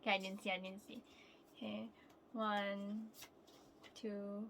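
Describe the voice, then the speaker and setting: A young woman vlogging casually while unboxing albums, excitable and prone to laughing squeals. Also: medium pitch, unhurried, vocal fry, background noise.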